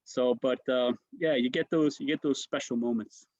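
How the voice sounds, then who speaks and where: A man's voice: medium pitch, normal speed, dull audio. A man, a comedian, telling anecdotes in a casual interview, restarting sentences and tossing in "right?" asides. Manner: animated storyteller, frequent restarts and "right?" asides. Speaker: comedian guest.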